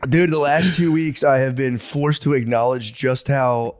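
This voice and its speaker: In casual comedic chat on a podcast he co-hosts, a man in his thirties rambles through stories, swears freely and performs the voices of people he quotes. His medium-pitched voice is fairly even and a little slow, recorded dry at studio quality.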